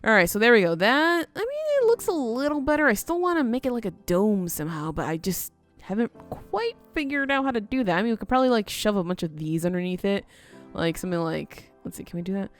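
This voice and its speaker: A woman's voice: mid-range voice, very animated, fast talker, faint music behind. A woman casually narrating her building game, chatty and playful, talking to herself as she works. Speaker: gaming video host.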